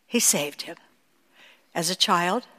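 An older woman teaching a sermon, moving between emphatic high peaks and hushed, quiet asides. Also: slow. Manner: expressive preaching, rising to emphatic peaks and dropping to hushed asides. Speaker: Bible teacher. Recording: long hall reverb.

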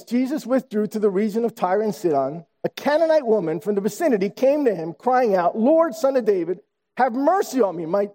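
A man in the pulpit delivers a sermon, his voice sitting very high and swinging widely in pitch. His tone stays mellow and warm even as he pushes his points, pausing for effect. The sound carries a long reverb from a large hall. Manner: preaching with dramatic pauses and rising emphasis. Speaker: pastor. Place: church sanctuary.

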